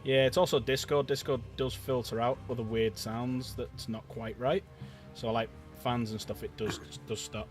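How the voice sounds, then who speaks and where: A man streams his miniature painting and chats loosely to a friend, swearing now and then. His voice sits at an ordinary middle pitch. Music plays clearly underneath him. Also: level tone, normal speed. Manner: chatty, loose, swears casually. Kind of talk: casual livestream chat. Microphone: desk streaming mic.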